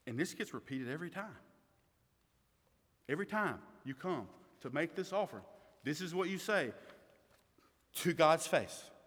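A man preaching a sermon as pastor, emphatic, swinging between loud stresses and quiet asides. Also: on the high side, lively intonation, normal speed, pauses often, slightly rough. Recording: long reverb of a hall.

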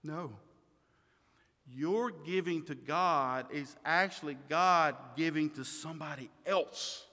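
A man preaching a sermon as pastor, emphatic, swinging between loud stresses and quiet asides. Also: on the high side, slow pace. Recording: long reverb of a hall.

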